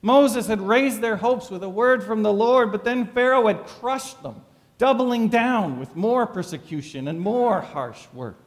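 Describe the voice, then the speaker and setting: A pastor preaching a sermon, full of dramatic rhetorical questions. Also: male voice, high-pitched, unhurried, big-room sound.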